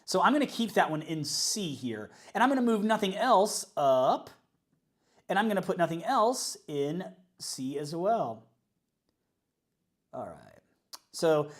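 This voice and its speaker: Chatty worship leader thinking aloud. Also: male voice, a little high, expressive, normal speed. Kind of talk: casual livestream chat.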